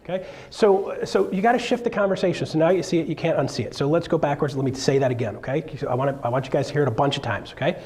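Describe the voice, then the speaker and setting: A man giving a live stage talk to an audience, jokey and animated, acting out quotes as he tells stories. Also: on the high side, racing, hardly any pauses. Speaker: seminar speaker.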